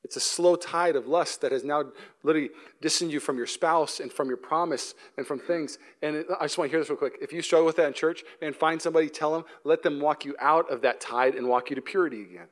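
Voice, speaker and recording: Young male pastor, quick delivery, slightly high voice, animated storyteller who goes quiet and earnest. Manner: drops to a soft, low, earnest voice for the serious points. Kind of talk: sermon. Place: church auditorium.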